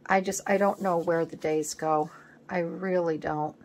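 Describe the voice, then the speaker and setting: A woman hosting a collage video, chatting casually as she works at a home craft table, rambling and thinking aloud, sometimes dropping to a soft murmur. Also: lowish voice, steady tone, a little slow, slight background noise. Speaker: collage artist host.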